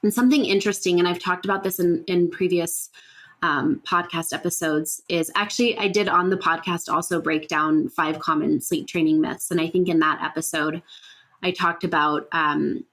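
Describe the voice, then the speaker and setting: A woman's voice: on the low side, steady tone, moderate pace, a bit bright. A woman hosting a solo podcast, talking earnestly and conversationally, thinking aloud with fillers and rhetorical "right?" checks. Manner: earnest, explanatory. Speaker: podcast host. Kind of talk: casual solo podcast talk.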